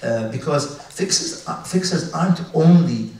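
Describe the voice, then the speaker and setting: A man from the UAE giving a conference talk with slides, halting often with fillers and restarts. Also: fairly high pitch, expressive, a little mellow. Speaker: conference speaker. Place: large conference hall. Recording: echoey hall, distant mic, faint noise.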